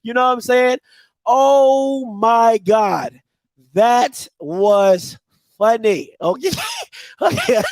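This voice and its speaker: Host, male, very high voice, loud incredulous live reaction commentary. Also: expressive, drawn-out words, dry recording. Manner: loud, laughing, incredulous ranting. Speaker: show host reacting to a clip.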